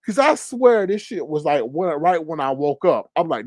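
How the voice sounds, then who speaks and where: A man hosting casual gossip commentary, talking in an animated, incredulous way and swearing freely. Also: fairly high pitch, moderate pace, hardly any pauses, no room sound. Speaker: commentary channel host.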